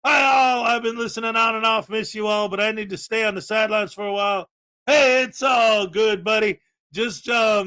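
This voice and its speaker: A man hosting a casual live stream, chatting loosely and greeting viewers, with rambling asides and sudden loud bursts of excitement. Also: sits high. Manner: chatty and rambling, many fillers.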